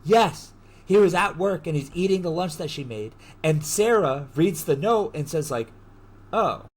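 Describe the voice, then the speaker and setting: Animated man retelling a story casually. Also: fairly high pitch, moderate pace. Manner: animated, slangy retelling with frequent swearing. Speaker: podcast host. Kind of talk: casual chat.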